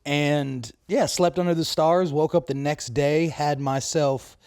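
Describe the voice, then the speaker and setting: A man's voice: on the high side, fairly even intonation, unhurried, a little mellow, clear, resonant tone, no room sound, studio quality. Laughing, rambling young man. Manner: rambling storyteller, laughs often. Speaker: podcast co-host. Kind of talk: casual chat.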